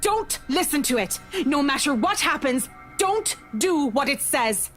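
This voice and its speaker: A woman's voice: high voice, sing-song, unhurried, fairly bright tone, faint music behind, pitched above the performer's own voice, exaggerated voice. A woman doing an urgent frightened young woman. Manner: urgent, pleading.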